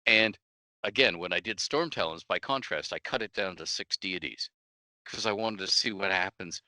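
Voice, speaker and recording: A man, a guest author on a casual podcast interview, telling animated stories, laughing often and acting out quotes. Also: deep voice, normal speed, dry recording. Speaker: guest game-world author.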